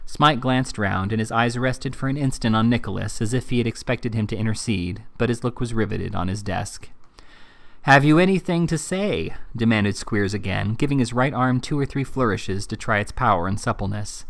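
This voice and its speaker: A man reading a classic novel aloud in steady, even narration. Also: lowish voice, fairly quick, gravelly, few pauses. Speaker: reader.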